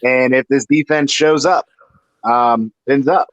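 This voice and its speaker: Brief: mid-pitched male panelist, halting and frank, dry close mic. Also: fairly even intonation, no echo, muffled recording. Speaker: podcast panelist. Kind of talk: casual podcast chat.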